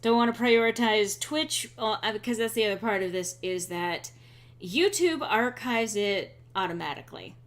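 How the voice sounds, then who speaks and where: A woman's voice: a little high, normal speed. Sarcastic, chatty woman streamer. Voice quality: chatty and sarcastic, with frequent ums. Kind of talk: casual let's-play chat.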